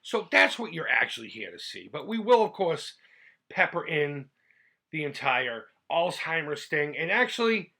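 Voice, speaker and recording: A man's voice: a little high, bright, forceful tone. Chatty, heartfelt middle-aged man vlogging. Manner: chatty and heartfelt, rambling with restarts. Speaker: retro gaming YouTuber. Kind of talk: casual vlog talk.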